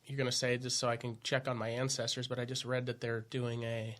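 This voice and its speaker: A man's voice: mid-range voice, monotone, fairly quick, fairly bright tone, a little hiss or hum. A man co-hosting a podcast in casual crude banter, joking and swearing easily. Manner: joking, profane, laughs easily. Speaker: podcast co-host.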